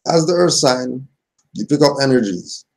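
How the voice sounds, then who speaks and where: A spiritual teacher gives a casual religious lesson, reading passages aloud and then explaining them in everyday language. His voice is mid-range and animated, a little mellow, at a moderate pace.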